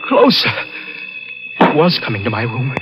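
A man playing a guilt-ridden young man who murdered his uncle, in stammering 1940s radio drama style, swinging from hushed to shouting. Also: medium pitch, big pitch swings, moderate pace, close to an everyday voice, rough recording. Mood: tense narration. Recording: old radio broadcast with music.

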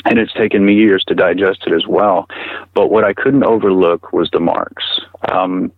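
A middle-aged man recounting a personal experience as an interview guest, halting and earnest, often repeating words as he talks. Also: deep voice, steady tone, no echo, narrow, tinny audio. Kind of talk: personal account in conversation.

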